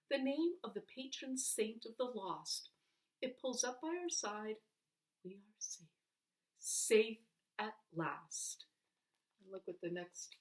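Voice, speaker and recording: A woman reading a children's book aloud in an expressive, animated way, with dramatic pauses. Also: mid-range voice. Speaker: reader. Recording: voice heard from a distance.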